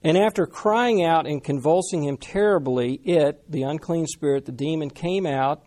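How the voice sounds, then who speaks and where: A man preaching a sermon in a conversational, animated way, talking with the congregation. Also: a little high, normal speed. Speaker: pastor.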